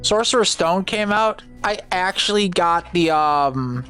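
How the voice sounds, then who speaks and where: Slow, hesitant woman co-host. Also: on the low side, expressive, a bit bright, faint music behind. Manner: hesitant, many filler ums. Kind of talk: casual let's-play chat.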